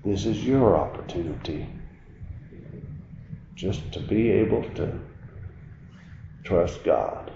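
A man preaching a sermon at an unhurried pace, with a warm, dark tone. He drifts between quiet, reflective lines and raised, emphatic preaching. The recording is roomy and a little dull, with faint ambience behind him. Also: on the low side, lively intonation, a little hiss or hum.

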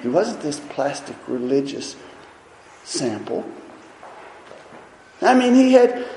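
Impassioned male preacher in an echoing hall. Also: very high voice. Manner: impassioned and emphatic, swinging between loud and soft. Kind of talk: sermon. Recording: echoey hall.

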